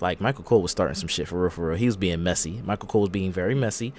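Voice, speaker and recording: Low-voiced male podcast host. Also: quick pace, a little hiss or hum. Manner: animated storytelling, acting out quotes. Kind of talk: casual chat.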